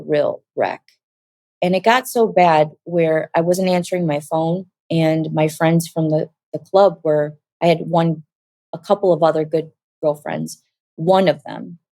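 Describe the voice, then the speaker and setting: A middle-aged woman telling her personal testimony in a soft, halting, reflective way, with many pauses and fillers. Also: lowish voice, dry recording. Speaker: interview guest sharing her testimony.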